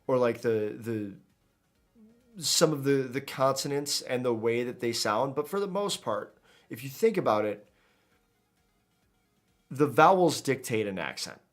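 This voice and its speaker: Man, gaming streamer, casual commentary, rambling, joking, self-interrupting, mid pitch. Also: lively intonation, measured pace, long pauses, faint music behind. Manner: rambling, jokey, trips over his words. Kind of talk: casual let's-play commentary.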